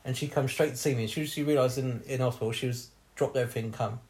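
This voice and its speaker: A man's voice: medium pitch, fairly even intonation, racing, darkish tone. Laughing man telling stories. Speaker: podcast host. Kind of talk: casual storytelling chat.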